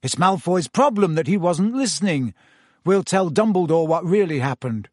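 A man's voice: high-pitched, expressive, normal speed, no room sound, clean studio sound, pitched above the performer's own voice. Brief: a resolute teen boy wizard, firm and pointed, as a male narrator puts him on, storybook reading. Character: determined teenage schoolboy wizard.

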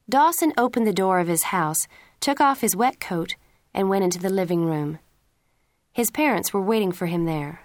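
A woman narrating a story in a steady, clear, scripted reading. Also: fairly low pitch, no room sound.

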